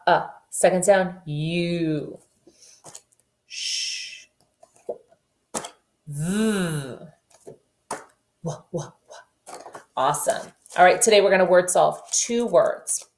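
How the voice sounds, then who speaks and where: Slow, low-pitched woman teaching phonics. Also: gravelly. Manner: slow, deliberate letter sounds and rhythmic reading. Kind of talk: remote phonics lesson. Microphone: camera facing the teacher.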